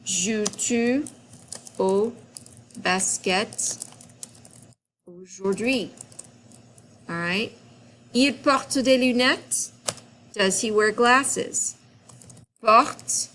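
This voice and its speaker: A woman teaching a French grammar lesson, explaining slowly and patiently in a classroom-style recording. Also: medium pitch, fairly bright tone, slight background noise.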